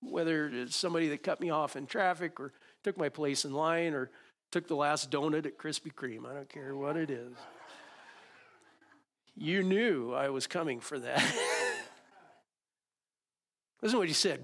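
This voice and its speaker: A middle-aged male pastor preaching a sermon, acting out his prayers and his dialogue with God in lively, animated bursts. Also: on the high side, moderate pace.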